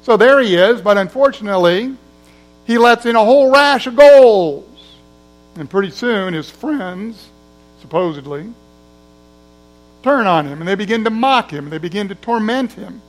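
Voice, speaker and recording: A man's voice: high voice, lively intonation, moderate pace, rough recording. A man preaching a sermon in a conversational way, acting out the voices of people in his story. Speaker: pastor.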